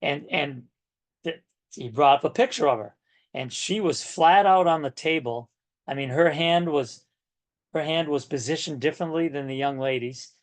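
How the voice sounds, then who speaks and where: A man's voice: on the high side, moderate pace. A man in his sixties coaching real estate agents on a video call, folksy and emphatic, often checking in with "right?". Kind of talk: coaching session talk.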